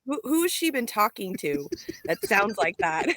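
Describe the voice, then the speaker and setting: Bright sharp voice, podcast cohost, quick little reactions, dry mic. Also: mid-range voice, big pitch swings, no room sound. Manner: short reactions, giggly back-and-forth. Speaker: podcast co-host. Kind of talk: casual chat.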